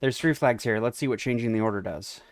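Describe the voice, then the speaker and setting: A man's voice: mid-range voice, fast. Chatty man doing let's-play commentary. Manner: casual and chatty, with wry asides. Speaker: game streamer.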